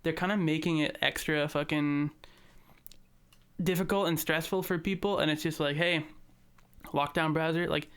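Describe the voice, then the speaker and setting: A young man co-hosting a casual podcast. His voice sits a little on the high side for a man. He rambles through stories in a relaxed way, leaning on fillers and easy swearing. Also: normal speed, clear, resonant tone. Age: young adult. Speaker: podcast co-host. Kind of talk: casual chat.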